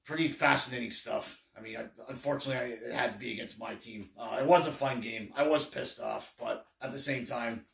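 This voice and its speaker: Gravelly guy rambling thru a football recap, kinda sarcastic, echoey room. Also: medium pitch, a little fast, hardly any pauses, a bit bright, distant mic. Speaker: sports fan vlogger. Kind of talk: casual game recap.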